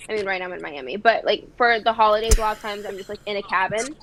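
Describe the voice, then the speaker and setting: A woman co-hosting a podcast, chatting in a relaxed way with lots of filler words. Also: mid-range voice, very fast, a little hiss or hum, poor audio. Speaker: podcast co-host. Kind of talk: casual podcast chat.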